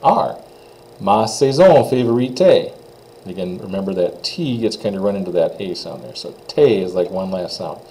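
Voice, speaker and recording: A man teaching French pronunciation, saying phrases slowly for students to repeat and explaining the sounds in plain, encouraging words. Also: deep voice, warm tone, a little hiss or hum, poor audio. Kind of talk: classroom pronunciation lesson.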